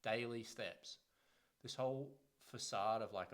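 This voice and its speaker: A man's voice: mid-range voice, expressive, normal speed. A man, in his thirties, talking as a health coach in a podcast monologue, blunt and profane, hammering points by repeating phrases. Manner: blunt and profane, swears freely; emphatic, repeats phrases for punch.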